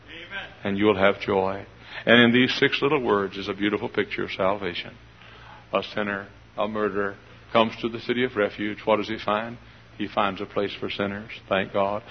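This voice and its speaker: Gravelly old-time radio preacher. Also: male voice, lowish voice, steady tone, brisk. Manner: folksy, shouts and laughs, leads singing. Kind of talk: sermon. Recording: dull lo-fi radio recording.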